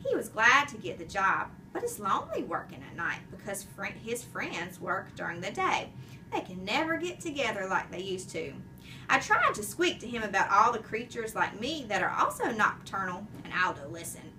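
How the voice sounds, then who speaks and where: A woman narrating a children's chapter book in an expressive, animated storytelling way. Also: mid-range voice, moderate pace, far from the mic, a little hiss or hum. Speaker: audiobook reader.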